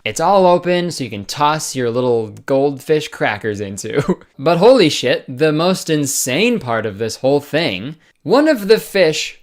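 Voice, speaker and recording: A young man hosting a comedy commentary video, sarcastic and profane with frequent laughter. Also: mid-range voice. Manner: sarcastic, swears, laughs often.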